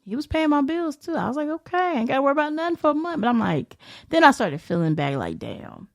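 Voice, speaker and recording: Podcast guest lady, crude and blunt, laughs a lot, gravelly voice that swoops up and down. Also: high-pitched, very animated, fast talker. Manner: blunt, profane storyteller who laughs often; acts out others' lines in quotes. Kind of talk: casual chat.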